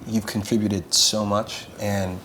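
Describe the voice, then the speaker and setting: A man's voice: on the low side, level tone, slow, fairly bright tone, a little hiss or hum. A man on a roundtable panel, earnestly recounting a personal story in candid conversation.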